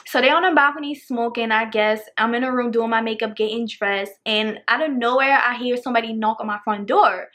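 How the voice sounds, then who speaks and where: Fast-talking young woman telling a story. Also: a little high, a bit bright. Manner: chatty and profane, acts out quotes. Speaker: storytime vlogger. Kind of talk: casual storytelling.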